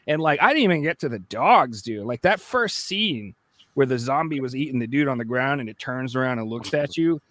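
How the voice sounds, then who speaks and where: Animated man telling a story on a podcast. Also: medium pitch, fairly quick, no echo. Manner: animated storyteller acting out his own past reactions. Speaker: podcast co-host. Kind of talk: casual chat.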